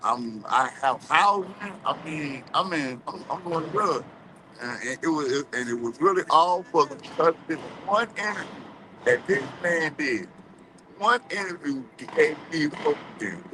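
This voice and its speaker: A man's voice: fairly high pitch, animated, normal speed, noisy background. A man speaking earnestly and emphatically as a guest on a livestream.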